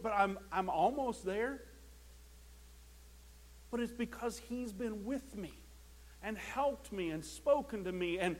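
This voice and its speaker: Male pastor, high voice, impassioned sermon delivery that swings loud to hushed, repeats words when starting a phrase. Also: slight background noise, rough recording.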